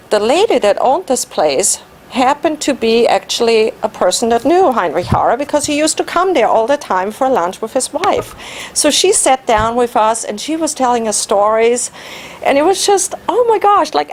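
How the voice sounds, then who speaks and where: A woman whose first language is German, giving an animated personal story speech at a club meeting and laughing at herself. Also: on the high side, normal speed, slight background noise. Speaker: Toastmasters speaker.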